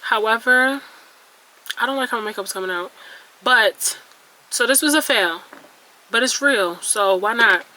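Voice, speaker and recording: Sitting indoors near a ring light, a young woman does her makeup and candidly vents to her viewers in a casual, self-mocking, exclamatory way as a beauty vlogger. Her high-ish voice is bright and forceful, unhurried, with frequent pauses, though the audio is poor.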